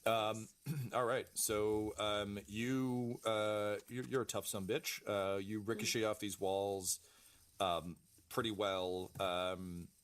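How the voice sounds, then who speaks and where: A man narrating as game master of a tabletop game, halting often with ums and uhs and casually swearing. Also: fairly low pitch, flat delivery, smooth.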